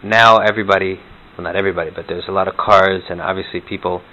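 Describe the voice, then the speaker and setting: A man conducts a casual interview, prompting his guest with follow-up questions. The recording is dull and lo-fi, with clear noise behind. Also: sits low, steady tone, quick pace, sharp tone. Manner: prompting, conversational. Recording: muffled, noisy.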